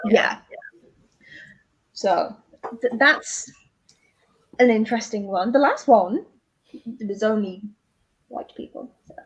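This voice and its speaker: Woman, casual co-host, husky voice, wry. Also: on the high side, takes it slowly, long pauses, highs cut off. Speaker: co-host of a readathon livestream. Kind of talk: casual chat.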